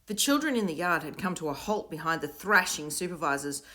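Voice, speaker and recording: A woman narrating a children's storybook in an expressive, varied way. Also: low-pitched, brisk. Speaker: audiobook reader.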